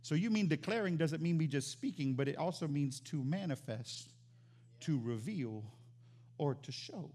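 A high-voiced man preaching a sermon as pastor. He is animated, jumping from loud exclamations down to quiet, emphatic lines. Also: moderate pace.

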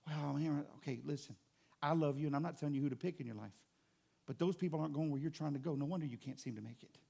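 A pastor delivers an animated, conversational sermon, tossing joking asides to the congregation. His voice is fairly high and gravelly, and he talks rapid-fire.

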